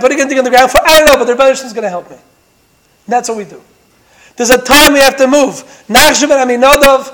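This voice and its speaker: A man's voice: very high-pitched, a bit bright, low-quality recording. A man giving a sermon-style Torah lesson, emphatic and full of rhetorical questions, telling stories with dramatic repetition. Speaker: Torah teacher.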